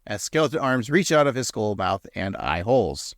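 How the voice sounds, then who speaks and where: Male podcast host, lively and teasing, dry close sound. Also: lowish voice, moderate pace, dry recording. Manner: teasing, animated. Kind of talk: casual episode recap.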